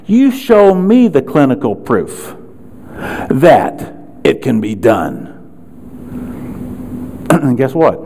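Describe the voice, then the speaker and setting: A man's voice: on the low side, warm tone, slight background noise. A man speaking to a room of chiropractors at a seminar, firing rhetorical questions and sarcastic asides.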